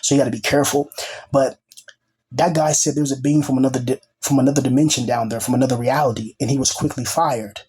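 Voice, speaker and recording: A man's voice: mid-range voice, fairly even intonation, fast talker, darkish tone, slightly rough. A man talking in a casual, rambling monologue as a self-styled teacher, peppering his talk with asides like "you know" and "bro".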